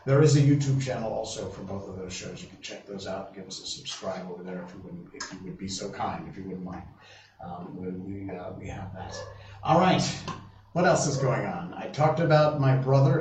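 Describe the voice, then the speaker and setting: A man's voice: on the low side, darkish tone. Rambling man on a roomy live stream. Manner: rambling, restarts often, reads chat aloud. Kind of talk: casual live-stream chat. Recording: roomy, distant, dull lo-fi sound with faint noise.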